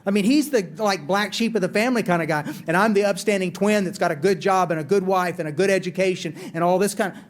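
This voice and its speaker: A middle-aged man tells his recovery story with candid, self-deprecating humor. His voice sits high for a man, and he speaks straight to the people in the room. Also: fast, hardly any pauses. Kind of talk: recovery talk. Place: conference hall.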